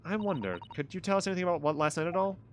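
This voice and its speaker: A man voicing a polite, hesitant young male hero in a story game, speaking softly and carefully. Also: high voice, rapid-fire, slight background noise, natural voice.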